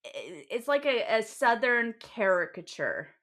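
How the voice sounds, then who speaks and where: Talking a little slowly, this podcast co-host has a slightly high, fairly bright voice with big pitch swings. Her casual book chat rambles, full of fillers and restarts, with the occasional swear word.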